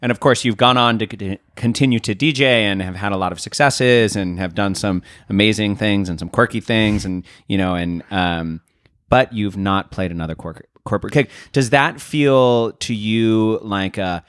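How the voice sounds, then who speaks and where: A man's voice: lowish voice, moderate pace, a bit bright, smooth, dry recording. A man hosting a podcast, asking curious, probing follow-up questions. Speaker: podcast host.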